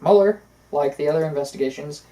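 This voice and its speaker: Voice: mid-range voice, quick pace, dark tone, low-quality recording. Casting: talk co-host, casual political chat, opinionated, long rambling runs, filler-heavy. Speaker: podcast co-host.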